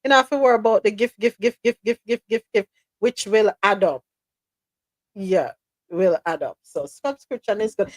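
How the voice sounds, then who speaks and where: A woman hosting a live news chat stream, lively and teasing, calling listeners by name. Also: mid-range voice, normal speed, no echo. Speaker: host.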